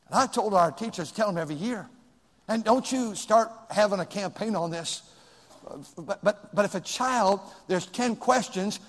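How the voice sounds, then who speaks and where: High-voiced older male preacher, echoing hall. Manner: swings from shouting to near-quiet asides. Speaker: pastor. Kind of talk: sermon. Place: church sanctuary. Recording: long reverb in a large room.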